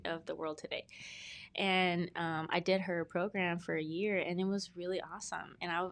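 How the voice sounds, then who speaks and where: Earnest, rambling woman with a lowish voice. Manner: earnest, rambling, many fillers and restarts. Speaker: podcast guest, brand specialist. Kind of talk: casual interview storytelling.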